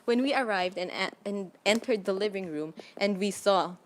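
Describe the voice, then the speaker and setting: A young woman reads an old fanfic aloud, giggling and lending the lines a mock-dramatic lilt. Her voice sits at an ordinary middle pitch. A faint hiss lies under it. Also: moderate pace. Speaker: fanfic reader. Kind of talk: reading aloud and casual chat.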